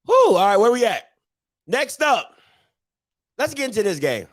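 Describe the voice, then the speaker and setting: A man hosting a sports recap show, ranting in excitable, slangy trash talk and repeating himself for emphasis. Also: high voice, moderate pace, no echo, clean studio sound. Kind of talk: animated sports recap rant.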